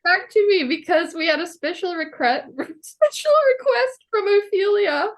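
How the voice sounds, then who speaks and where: A woman's voice: extremely high pitch, expressive, normal speed. A woman co-hosting a podcast in casual chat, teasing her friend and laughing often. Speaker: podcast co-host.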